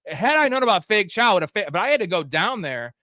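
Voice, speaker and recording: Young male co-host, bright tense voice, crude rambling chat, dry close sound. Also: high-pitched, big pitch swings, fast talker, no room sound. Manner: crude, rambling storyteller with many fillers. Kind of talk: casual live-stream chat.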